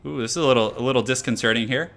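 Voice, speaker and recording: A man's voice: medium pitch, racing, gravelly, fairly bright tone. A young man casually commenting on his live game stream, chatting loosely and answering chat as he goes. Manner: chatty, reads chat aloud, many fillers.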